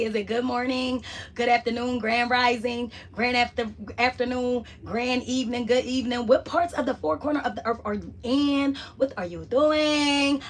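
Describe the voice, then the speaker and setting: A woman's voice: on the high side, recorded from a distance, a little hiss or hum. Profane chatty woman vlogging from afar. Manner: loose, profane, chatty with viewers, drifting between soft murmur and loud bursts. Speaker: vlogger hosting a live stream. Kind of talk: casual live-stream chat. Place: at home.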